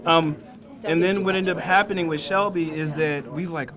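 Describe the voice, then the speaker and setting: A chatty, joking man with a fairly high voice introduces his castmates at a premiere. A busy crowd buzzes behind him outdoors. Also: fairly even intonation, fairly quick. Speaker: film cast member. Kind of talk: casual event interview. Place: outdoor red carpet premiere.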